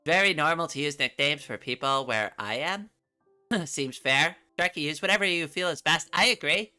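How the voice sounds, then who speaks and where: A woman's voice: low-pitched, animated, moderate pace, sharp tone, smooth, faint music behind. A middle-aged woman from New England chatting casually on a livestream from her room, rambling and laughing often. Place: home room.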